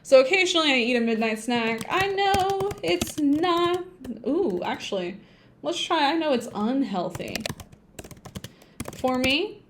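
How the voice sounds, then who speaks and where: High-voiced woman teaching English online. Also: lively intonation, moderate pace, long pauses, background noise. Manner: hums and sings to herself while typing. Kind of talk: livestreamed language lesson.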